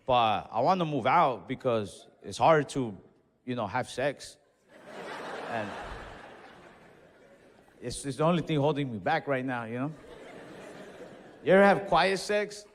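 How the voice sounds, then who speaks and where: A young man doing a stand-up comedy set, telling stories in a laid-back, deadpan way with quick asides. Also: mid-range voice. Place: comedy club stage. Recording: reverberant club hall with faint crowd noise.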